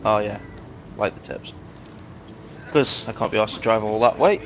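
A young Manchester gaming host, speaking with a Manchester English accent, jokes around with friends while commentating on gameplay, chatty and crude with lots of fillers. His voice is fairly low at a moderate pace, with a little hiss or hum.

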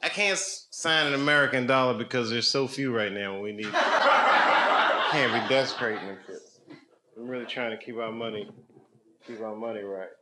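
A man's voice: medium pitch, normal speed. Teasing male comedian in a noisy club. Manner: teasing, joking, playful banter. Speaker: stand-up comedian. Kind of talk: casual chat with audience after a show.

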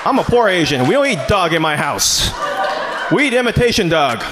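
A man's voice: sits high, sing-song, moderate pace, crowd noise. A man doing a stand-up comedy set on a club stage into a handheld mic. He talks in a loose, chatty way and keeps saying "man" and "you know". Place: comedy club stage before a live audience. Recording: live club recording with audience laughter and noise.

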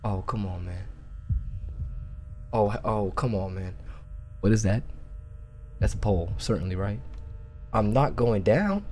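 A young man with a hoarse, sore throat, talking to his chat through a cheap USB mic at home as he plays a horror game, jumpy and cursing at the scares. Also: on the low side, animated, measured pace, long pauses, a little mellow, slight background noise. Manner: jumpy, talks to himself and chat, yelps and cusses at scares. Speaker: gaming streamer. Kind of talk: horror game let's play commentary.

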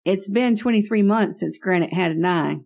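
A man's voice: high voice, normal speed, gravelly, a little mellow. A woman voicing a smug, folksy older man who talks down to others, in a horror story reading. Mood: matter-of-fact.

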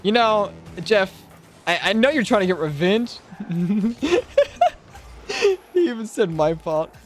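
A young man streaming a car-soccer game, joking and trash-talking, then shouting and squealing at big plays. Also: sits high, very animated, takes it slowly, over music. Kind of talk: live gaming commentary.

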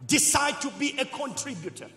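A man preaching a sermon as pastor, leading call-and-response and swinging between loud shouts and quiet asides. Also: very high voice, sing-song, moderate pace, faint music behind. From Zambia. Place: church hall. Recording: echoey church hall.

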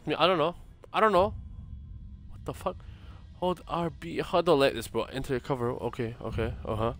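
A man's voice: on the high side, a little fast, a bit bright. A young man playing a horror game, swearing, muttering prayers and reacting nervously as he goes. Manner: jumpy, swearing, muttering prayers under his breath. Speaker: gaming streamer.

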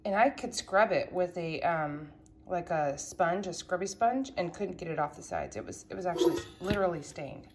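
A woman's voice: fairly low pitch, animated, moderate pace, loud music behind the voice. A woman vlogging at home in her kitchen, chatting casually and rambling with lots of fillers as she cleans. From California, USA.

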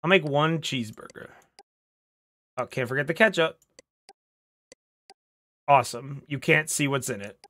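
A man streaming a game, talking casually to his chat and to a friend, excitable and profane, swinging from loud outbursts to low mutters. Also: measured pace, long pauses. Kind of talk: casual gaming commentary. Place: home streaming setup with green screen.

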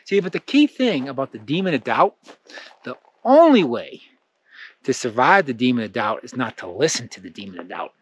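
A man hosting a motivational lesson, telling a story in an animated way and checking in with "right?" as he goes. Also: mid-range voice, normal speed, breathy edge, no room sound, muffled recording. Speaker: channel host.

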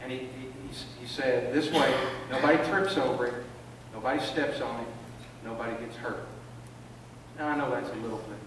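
A man's voice: mid-range voice, normal speed, fairly bright tone, slight background noise. An older man preaching a sermon in a church, telling stories and often repeating words as he builds a point. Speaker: pastor. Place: church sanctuary. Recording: echoey church from far off.

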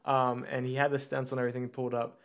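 A man's voice: mid-range voice, rapid-fire. A man guesting on a casual podcast chat, telling anecdotes and acting out the other people's lines as he quotes them. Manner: animated anecdote teller, acts out quotes.

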